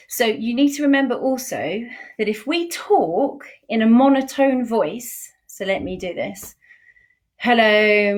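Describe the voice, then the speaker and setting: A woman with a British accent gives an informal lesson, spelling things out one step at a time. Her voice sits a little high and she talks slowly. She stays patient and livens up her tone to show expression. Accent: British English. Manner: slow, patient explaining with a lively, expressive voice. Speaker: sign language teacher. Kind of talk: informal teaching video.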